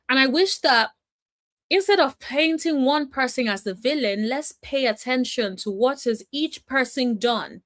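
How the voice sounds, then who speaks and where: A woman's voice: high-pitched, a little slow, fairly bright tone. A woman giving casual commentary as a reality TV recap vlogger, chatty, emphatic and opinionated, calling her viewers y'all and honey.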